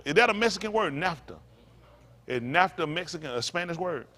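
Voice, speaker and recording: A man preaches to his congregation with fiery emphasis. He repeats his points and slips in mocking asides. His voice sits high and swings widely from phrase to phrase. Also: animated, normal speed, pushed and bright. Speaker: pastor.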